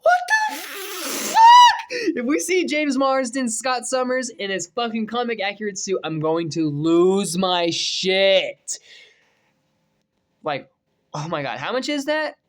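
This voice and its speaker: Animated, excitable young man vlogger. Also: high-pitched, slow pace. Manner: excitable, swears freely, bursts into shouting. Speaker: movie news vlogger. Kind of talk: casual reaction commentary.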